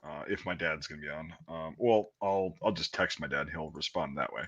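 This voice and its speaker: A man's voice: extremely low pitch, moderate pace, fairly bright tone. Dude in his 30s swearing thru an old army story, kinda dull lo-fi sound. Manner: profane, rambling army storyteller. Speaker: podcast host. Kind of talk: casual storytelling chat. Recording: dull lo-fi audio.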